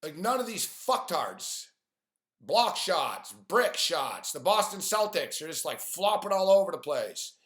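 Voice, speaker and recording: A man's voice: high-pitched, very animated, a little slow, a bit bright. A man ranting on a live stream about sports games and his bets, swearing often and sounding frustrated. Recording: echoey room.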